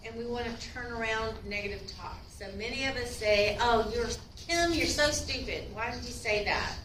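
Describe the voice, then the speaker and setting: Woman instructor, bright tone, casual classroom lecture with acted quotes, recorded a bit far off in a roomy space. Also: on the high side, a little hiss or hum. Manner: chatty, acts out short quotes.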